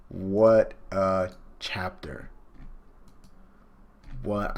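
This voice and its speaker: A man reading a comic live for viewers, excited, exclaiming, loose and profane. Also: low voice. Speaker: live reaction streamer.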